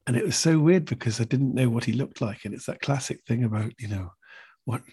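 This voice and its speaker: An older man chats as an interview guest, rambling and animated. His voice has a husky texture at a middling pitch. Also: fairly quick. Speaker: guest impressionist. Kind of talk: casual interview chat.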